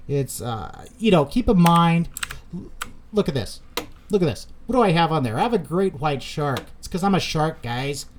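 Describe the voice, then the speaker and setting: A man's voice: fairly high pitch, big pitch swings, normal speed, a little hiss or hum. A man giving casual, rambling commentary on a crypto chart as he draws lines, correcting himself and talking straight to his viewers, with pumped-up bursts when he greets them. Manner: rambling, self-correcting, chatty asides to viewers.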